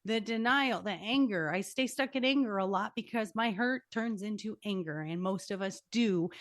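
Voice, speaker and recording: A woman's voice: on the high side, dry recording, clean studio sound. A woman hosting a podcast interview, a life coach who talks with energy and emphasis. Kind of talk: conversational interview.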